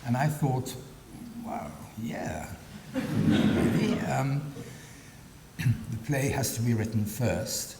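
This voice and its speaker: Hesitant guy giving a lecture, lots of ums, dry humor, long hall reverb and a faint rumble. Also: slow pace, pauses often, far from the mic. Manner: hesitant, many ums, dry wry asides. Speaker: guest lecturer. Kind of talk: public lecture with read-aloud excerpts.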